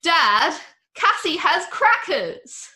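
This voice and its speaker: A woman's voice: a little high, measured pace, sharp tone, voice pushed up. A woman voicing a whiny, dramatic girl who complains to her dad.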